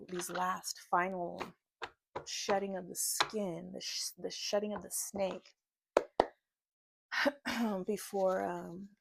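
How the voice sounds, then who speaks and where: A woman tarot reader reading a channeled spiritual message from her notes in a halting way, laughing at her own stumbles. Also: on the low side, vocal fry, heavy background noise.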